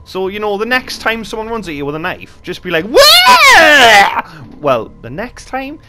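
A man's voice: sits high, sing-song, a little fast, shouting. A young Geordie man giving joking, chatty game commentary with casual swearing, talking into a desk mic. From North East England. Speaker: gaming YouTuber.

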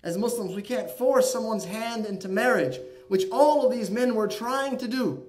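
Male imam, high voice, Friday sermon; storytelling delivery that swells into emphatic stretches. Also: moderate pace, a little mellow.

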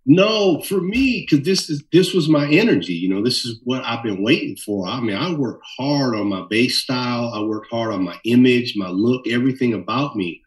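A middle-aged man from Minnesota, a bassist telling stories in an interview with lively animation. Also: moderate pace, few pauses, distant mic, low-quality recording. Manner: animated storyteller, acts out voices in quotes. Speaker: bassist guest. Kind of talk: storytelling interview.

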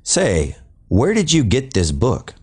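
A man's voice: mid-range voice, huge pitch swings, slow pace, a little mellow, breathy edge, pitched above the performer's own voice, full character voice. A man voicing a friendly, chatty devil with a relishing, amiable way of talking. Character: genial male devil, cheerfully ghoulish.

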